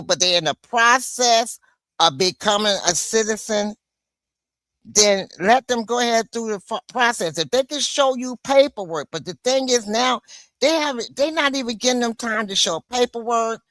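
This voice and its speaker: A woman's voice: on the low side, fairly bright tone, no room sound. A woman from the United States hosting a solo livestream, venting in an impassioned, emphatic way. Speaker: livestream host.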